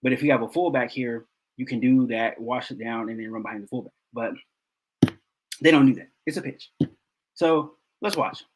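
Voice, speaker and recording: A man's voice: mid-range voice, brisk, low-quality recording. A man hosting a football film breakdown, talking casually and repeating himself in exasperation.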